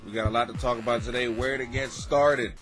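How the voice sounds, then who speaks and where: An American man hosting a casual comic podcast from his basement, rambling and swearing, laughing often and swinging between mutters and near-shouts. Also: medium pitch, fairly even intonation, brisk, music in the background. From United States. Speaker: podcast host, struggling comic. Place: home basement.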